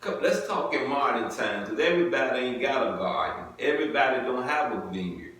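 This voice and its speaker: A man preaching from scripture, stopping between verses to riff casually and check in with the listeners over and over. His voice sits at a middle pitch. It sounds heavily echoey and picked up from a few steps away. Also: expressive, brisk, a bit bright. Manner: conversational, repeats "you get it?" and "come on now"; informal vernacular speech. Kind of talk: scripture reading with commentary. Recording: very echoey, mic at a distance.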